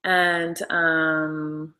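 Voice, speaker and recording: A young woman talks casually through a live stream, piling up enthusiastic behind-the-scenes stories and quick apologies. Her voice is bright and forward. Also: sits low, flat delivery, rough recording. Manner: chatty, gushing, apologetic asides. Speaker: show creator and host.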